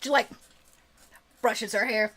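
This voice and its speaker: A woman's voice: on the high side, fairly even intonation, slow pace, a bit bright. A woman narrating as game master in a tabletop game, chatty and filler-laden. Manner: chatty, full of fillers and laughs.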